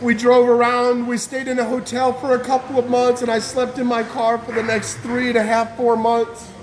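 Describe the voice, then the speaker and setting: A man's voice: very high-pitched, monotone, moderate pace, a little hiss or hum. A man giving an impassioned personal testimony as a guest speaker, fervent and emotional, with casual slang.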